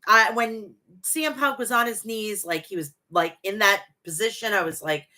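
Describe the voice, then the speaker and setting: A woman's voice: mid-range voice, normal speed, pushed and bright. A woman in her forties hosting a casual wrestling show, profane, gushing and rambling as she talks to her chat. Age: 40s. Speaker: wrestling podcast host. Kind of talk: casual chat reading live chat.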